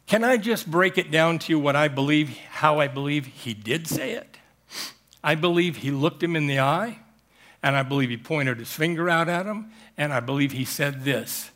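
An emphatic male pastor preaching to his congregation, explaining and pressing his points home. His voice sits somewhat high for a man. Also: moderate pace, a bit bright. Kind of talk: sermon.

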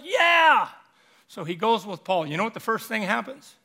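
A man preaching a sermon, animated and full of rhetorical questions put to the congregation. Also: high-pitched, normal speed.

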